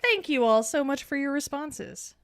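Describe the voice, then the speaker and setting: A woman's voice: high voice, lively intonation, normal speed, dry recording, clean studio sound. A woman co-hosting a podcast, playful and wisecracking. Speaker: podcast co-host. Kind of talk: casual chat.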